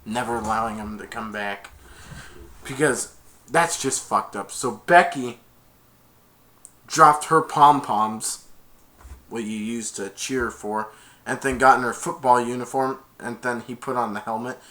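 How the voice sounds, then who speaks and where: A man's voice: mid-range voice, a little slow, pauses often. Rambling man retelling a movie plot. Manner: rambling, restarts often, bursts into loud acted-out quotes. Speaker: movie reviewer.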